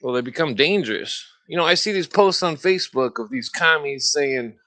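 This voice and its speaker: A man hosting a podcast in a rambling, profane solo rant, heavy on filler words and throat-clearing. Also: on the high side, expressive, moderate pace, pushed and bright. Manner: mocking sneer when imitating opponents. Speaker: podcast host.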